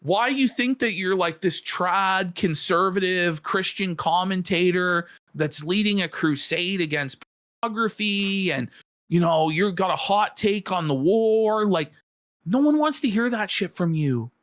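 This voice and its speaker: A man's voice: sits high, measured pace, a bit bright, no room sound, clean studio sound. A man co-hosting a live reaction show, ranting scornfully at a clip. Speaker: co-host. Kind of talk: reaction commentary.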